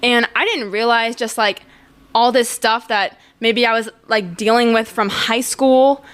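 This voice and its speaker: A young woman hosts her podcast in a loose, confessional chat. Her voice sits a little high, and she rambles on with plenty of fillers, restarts and breaks into laughter. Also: fairly even intonation, a little slow, fairly bright tone, clear, resonant tone. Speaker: podcast host.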